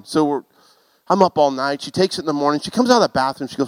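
A middle-aged man preaching a sermon through a personal story, animated and self-mocking, building to loud exclamations. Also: a little high, quick pace, clear, resonant tone, no room sound, poor audio.

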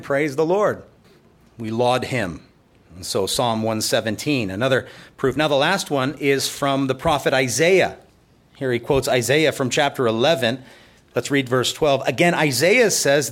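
A pastor preaching a sermon in church, explaining scripture in a conversational way with playful asides. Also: male voice, mid-range voice.

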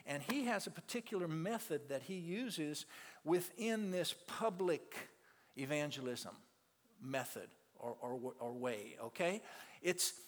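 A man, somewhat high-pitched, tells his testimony to a church audience. He is an earnest storyteller who stumbles and repeats his words. His voice rings with a long reverb through the auditorium. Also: animated, unhurried. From South Louisiana. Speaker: ministry teacher.

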